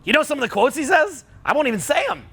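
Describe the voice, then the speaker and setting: Man, middle-aged, seminar coach; blunt, profane, prone to heated outbursts; high voice. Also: big pitch swings, fast talker, gravelly, bright, forceful tone. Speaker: dating and social skills coach. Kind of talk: seminar talk to a live audience.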